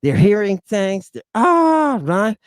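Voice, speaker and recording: Speaking slowly in a high-pitched voice, a man hosts his own show and tells a personal story in a casual monologue. He's animated and slangy, sprinkling in "right?" and "baby," and the recording is dry.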